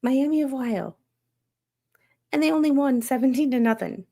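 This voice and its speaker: A woman's voice: fairly high pitch, moderate pace, pauses often, dark tone. A woman hosting a show, rambling in an unfiltered, exasperated rant and swearing freely. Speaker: podcast host.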